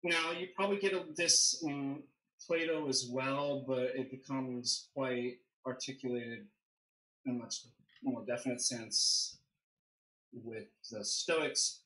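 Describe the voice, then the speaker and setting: A man who is a deacon and theologian, explaining ideas in a measured, thinking-aloud way as a guest on a livestream discussion. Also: medium pitch, pushed and bright. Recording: echoey room.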